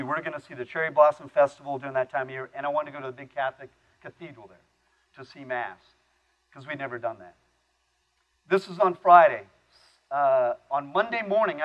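A man's voice: fairly high pitch, muffled recording. A middle-aged man giving a conference talk, telling plain-spoken, folksy stories and laughing at his own anecdotes. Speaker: conference speaker. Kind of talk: storytelling keynote talk. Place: conference stage.

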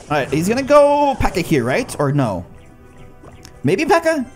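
A young man giving excited live commentary on his own gameplay, talking to his cards and his viewers and calling himself a nub. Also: high voice, measured pace. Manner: excitable, talks to the cards and the viewers, self-mocking. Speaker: gaming YouTuber. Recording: faint music bed behind the voice.

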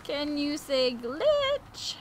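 A woman's voice: high-pitched, very slow, a little hiss or hum. A woman hosting a gaming channel, giving casual, jokey play-by-play commentary and yelping whenever she is in danger. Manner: excitable, jokey, yelps when in danger.

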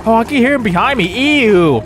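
A young man playing a horror game and reacting loudly, yelping and swearing at scares, then rambling through a recap. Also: very high-pitched, a little fast, soft background music. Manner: excitable, yelps and swears at scares; rambling, self-correcting outro recap. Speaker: gaming YouTuber. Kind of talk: reactive gameplay commentary.

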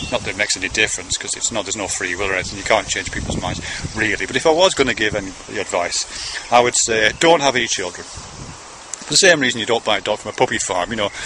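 There's a slight hiss or hum as a man with a fairly low, somewhat bright voice speaks to his son. The father's monologue to camera wanders along, with occasional casual cursing.

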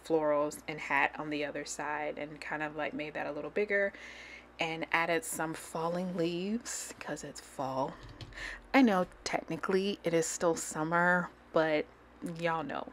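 Low-voiced, chatty woman planner vlogger. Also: a little slow, a little hiss or hum. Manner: chatty and rambling, gushing, with soft near-whispered asides. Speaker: planner channel host. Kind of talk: casual chat while decorating a digital planner. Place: at home. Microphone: desk microphone.

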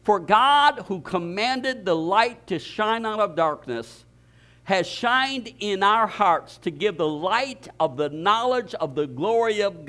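A man preaching a sermon as pastor, telling a story with animated energy, often repeating words and starting over. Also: high-pitched.

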